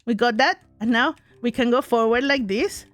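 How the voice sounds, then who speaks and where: A woman doing let's play commentary, excitable, talking to herself with shrieks and laughs. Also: fairly high pitch, normal speed, no room sound, faint music behind. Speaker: gaming streamer.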